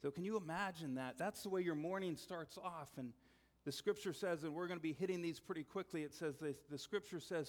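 A pastor preaches through stories in a chatty way, sinking into quiet, earnest tones for emphasis. His voice is a little high and brisk, followed by a long reverb tail.

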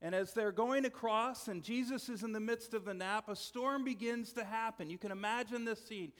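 This high-voiced pastor tells his sermon like a story, speaking at a normal speed and in an easygoing way. To underline his points he frequently drops into soft, sincere tones, and the big hall gives his voice a lingering reverb.

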